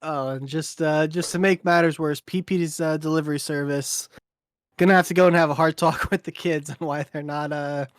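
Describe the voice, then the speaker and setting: A man giving color commentary on a live esports match, laid-back and halting, with many fillers. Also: a little high, fairly even intonation, dry recording. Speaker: esports co-caster.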